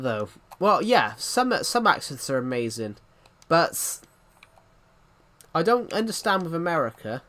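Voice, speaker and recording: Chatting with his viewers as he streams a game, this British man in his twenties rambles through answers to their comments. His voice sits on the high side, very animated, pushed and bright, and a little slow.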